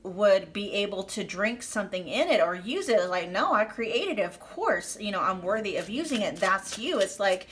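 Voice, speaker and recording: A woman's voice: mid-range voice, sing-song, moderate pace, few pauses, fairly bright tone. Effusive woman giving a tarot reading. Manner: effusive, emphatic, with frequent fillers and laughter. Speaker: tarot reader. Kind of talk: pick-a-card tarot reading.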